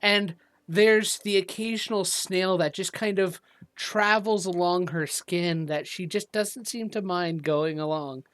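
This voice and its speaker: A woman narrating as game master of a tabletop game, describing scenes in a measured way. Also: dry recording. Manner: measured, descriptive, lively pitch.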